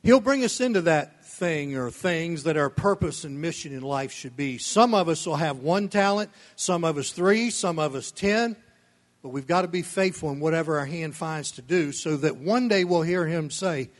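A man preaching a sermon in a homespun, storytelling manner. His voice sits a little high for a man, and he chuckles often between lines. He builds to loud, emphatic peaks on key phrases. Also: expressive, normal speed.

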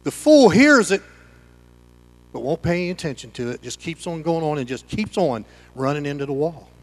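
A man preaching a sermon as pastor, swinging between loud emphatic lines and hushed ones. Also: on the high side, fast talker. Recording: long hall reverb.

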